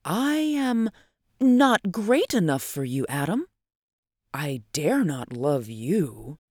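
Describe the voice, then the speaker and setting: A reader voicing a gentle young woman who speaks hesitantly and softly, with lines lifted higher, in an audiobook reading. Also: sing-song, takes it slowly, dry recording, clean studio sound, heavily acted. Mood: faltering.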